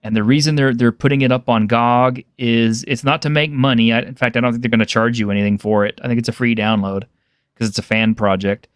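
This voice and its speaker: A man's voice: medium pitch, steady tone, quick pace, smooth, no echo, clean studio sound. A man co-hosting a casual podcast, laid-back and rambling, laughing easily. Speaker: podcast co-host. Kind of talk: casual chat.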